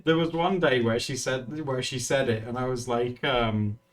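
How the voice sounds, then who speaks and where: A man's voice: medium pitch, steady tone, normal speed. A man streaming live, chatting casually with his viewers in a teasing way and laughing often.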